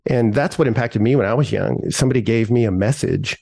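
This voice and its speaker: A middle-aged man, a pastor, talking earnestly in a podcast interview and telling stories with animated emphasis. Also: mid-range voice, a little fast, gravelly, no room sound.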